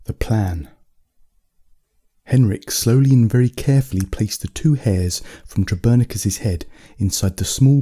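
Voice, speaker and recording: A man reading a bedtime story in a calm, measured, soft-spoken manner. His voice sits low and mellow, with a husky edge to it.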